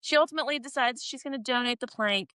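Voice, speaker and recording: A woman's voice: sits high, fast talker, bright, forceful tone, smooth, no room sound. A woman co-hosting a podcast, recapping a TV show in casual chat, laughing often and acting out characters' lines. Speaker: podcast co-host.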